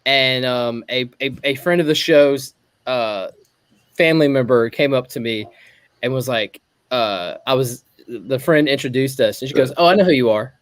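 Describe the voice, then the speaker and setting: A man's voice: mid-range voice, a little slow, smooth, no echo. A man co-hosting a casual podcast, telling stories and acting out the exchanges with lots of laughter. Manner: storytelling, acts out quoted exchanges, laughs often. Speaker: podcast co-host. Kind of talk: casual group podcast chat.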